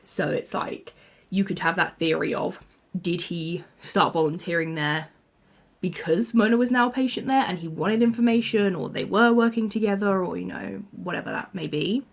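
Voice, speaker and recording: A woman's voice: lowish voice, expressive, moderate pace, creaky. A young woman in her twenties, rambling through casual TV fan commentary with frequent "like"s and laughs. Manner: rambling, lots of 'like', laughs often. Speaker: YouTuber.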